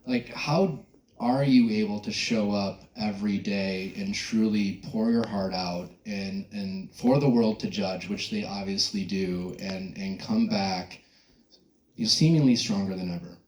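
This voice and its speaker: A man's voice: on the low side, measured pace, darkish tone. A man moderating a panel discussion, enthusiastic about the show as he asks his questions. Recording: echoey hall with faint noise.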